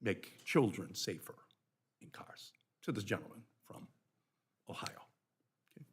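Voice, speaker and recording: Speaking a little slowly in a fairly low, husky, animated voice, an older Boston-accented senator from Massachusetts makes impassioned comments before a committee. His delivery in the hearing room shifts from loud, emphatic peaks to almost whispering.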